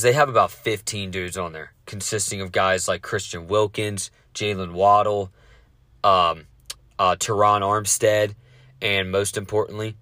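A man hosting a casual sports podcast, talking fast with lots of swearing and rambling asides. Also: fairly low pitch, fairly bright tone, no echo, studio quality.

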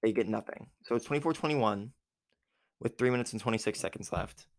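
A man's voice: medium pitch, brisk. A man casually recapping a football game from memory, rambling with many fillers and self-corrections. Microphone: recording app with a time limit.

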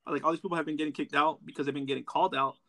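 A man's voice: on the high side, fairly even intonation, bright, forceful tone, dry recording. A man ranting heatedly and profanely in casual podcast chat. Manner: heated, profane, fast rant.

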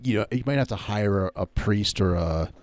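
A man co-hosting a comedy podcast, playing along deadpan with halting, restarting sentences. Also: lowish voice. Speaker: podcast co-host. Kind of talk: improvised comedy banter.

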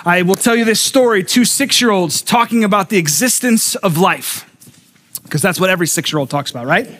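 A man's voice: high voice, fairly quick, fairly bright tone. A man, a pastor, preaching a conversational sermon to a live congregation and asking them questions as he goes. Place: church sanctuary with a live congregation.

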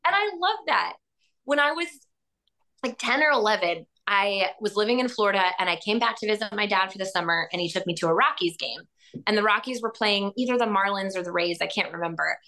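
A woman hosting a podcast, talking in a rambling, animated way with many fillers and frequent laughs. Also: medium pitch, quick pace. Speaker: podcast host. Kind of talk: casual chat.

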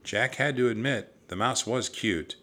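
A man reading a children's storybook aloud in a measured, expressive way. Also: mid-range voice. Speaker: narrator.

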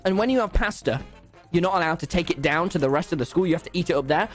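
A man's voice: fast talker, soft background music. A young man, a gaming streamer telling a dramatic school story to his chat while he plays. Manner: excitable, dramatic storyteller with big pitch swings.

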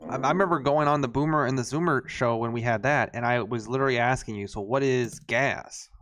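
A man's voice: medium pitch, fairly quick, fairly bright tone. A man co-hosting a podcast, telling rambling stories in casual chat with lots of fillers and restarts. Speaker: podcast co-host.

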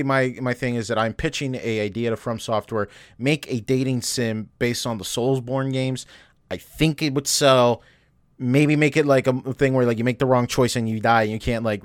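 A man's voice: medium pitch, normal speed, no echo, clean studio sound. A man co-hosting a podcast, chatting casually about games in a loose, joking, slangy way and acting out moments in quotes. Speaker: podcast co-host. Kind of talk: casual gaming chat.

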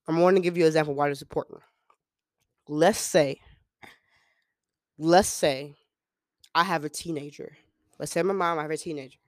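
A man's voice: on the high side, steady tone, normal speed, long pauses, no echo, studio quality. Emphatic young man telling a story. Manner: emphatic, repeats key phrases for stress; acts out quoted dialogue in storytelling. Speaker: podcast host and missionary student. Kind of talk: casual storytelling podcast talk.

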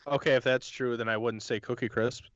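A man's voice: medium pitch, steady tone, brisk, muffled recording, a crowd in the background. A man in a casual group chat, easygoing and chatty, telling a personal story.

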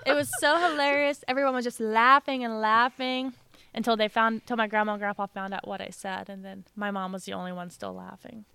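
A woman's voice: fairly high pitch, fairly even intonation, brisk, gravelly, pushed and bright, clear, resonant tone, no echo. A young woman co-hosting a casual podcast, joking bluntly and giggling. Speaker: podcast co-host. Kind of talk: casual chat.

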